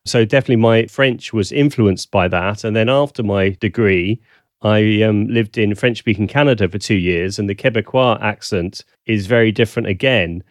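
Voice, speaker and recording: A man's voice: fairly low pitch, moderate pace, no echo, clean studio sound. A man from the south of England with a Southern English accent, a guest on a video call interview, talking thoughtfully with frequent ums. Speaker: guest, language consultant. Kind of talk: casual interview chat.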